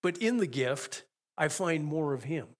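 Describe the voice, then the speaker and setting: A man's voice: on the high side, animated, a little slow. An older man preaching a sermon in an earnest, reflective way, drawing out words for emphasis. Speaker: pastor.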